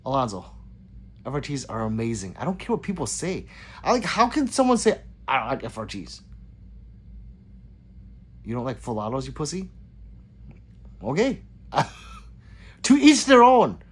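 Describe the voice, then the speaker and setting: A man's voice: mid-range voice, breathy edge. A man hosting a casual livestream, reading viewer comments aloud and chatting back with frequent laughs. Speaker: livestream host reading chat.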